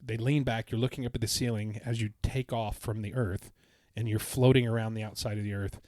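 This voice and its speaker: A man's voice: lowish voice, steady tone, brisk, a little mellow, no room sound, studio quality. A man co-hosting a podcast, recounting his trip in a casual, enthusiastic, rambling way. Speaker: podcast co-host. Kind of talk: casual chat.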